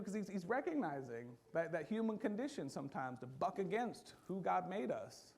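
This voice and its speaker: Animated gravelly-voiced man preaching. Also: high-pitched, normal speed, few pauses. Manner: conversational, animated preaching with acted quotes. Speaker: pastor. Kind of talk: sermon. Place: church.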